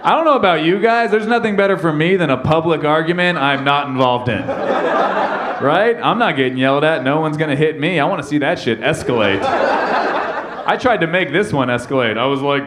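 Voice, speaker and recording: A man's voice: fairly high pitch, moderate pace, noisy background. A male stand-up comedian telling a brash, profane story on a comedy club stage, acting out both sides of an argument.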